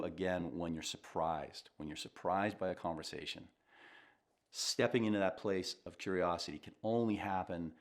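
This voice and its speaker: Low-voiced guy coaching to camera, calm, reflective, sincere. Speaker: communication coach. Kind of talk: advice talk to camera.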